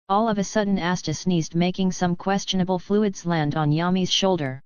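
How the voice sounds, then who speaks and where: A woman narrating a webnovel audiobook in an even, mechanical read that even reads out asterisks. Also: on the low side, normal speed, few pauses, clear, resonant tone, dry recording. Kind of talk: synthetic-sounding webnovel narration. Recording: dry, slightly dull lo-fi audio.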